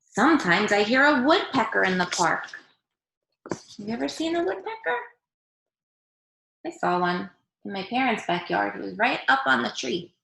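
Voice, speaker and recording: A woman teacher reading a picture book aloud to young children over a video call, gently asking them questions as she goes. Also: medium pitch, sing-song, moderate pace, creaky, pauses often, slight background noise. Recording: echoey room.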